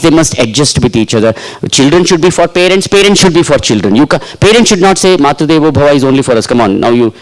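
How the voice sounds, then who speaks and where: A man with an Indian English accent giving a workshop lecture to teachers, talking in an animated, sing-song way. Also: a little high, rough recording. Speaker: teacher trainer.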